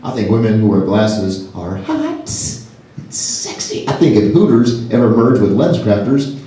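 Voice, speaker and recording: A man doing a stand-up comedy set to a live audience, self-deprecating and quick to jump into silly high voices. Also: very animated, mellow. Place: large hall with a live audience. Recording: echoey hall from afar, crowd laughter.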